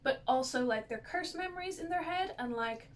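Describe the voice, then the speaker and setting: High-voiced chatty woman vlogger. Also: animated, normal speed, a little hiss or hum. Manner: chatty and rambling, lots of "like". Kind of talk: casual TV plot recap.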